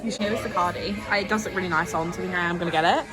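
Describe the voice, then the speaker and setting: A woman's voice: lowish voice, racing, over music. A woman, chatting bubbly and breathless in a casual vlog, laughing often. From England (Essex). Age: 20s. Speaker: vlogger. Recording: crowd chatter behind.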